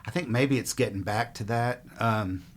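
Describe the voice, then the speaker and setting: A middle-aged man from Mississippi, telling stories in a rambling, relaxed way as a musician guest in an interview. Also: medium pitch, normal speed. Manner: relaxed, rambling, frequent fillers. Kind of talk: casual interview storytelling.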